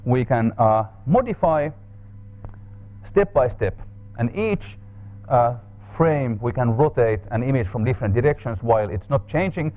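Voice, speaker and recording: Male seminar speaker, mid pitch, hesitant and unscripted, thinking aloud through technical material. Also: warm tone. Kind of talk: academic lecture. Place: seminar room.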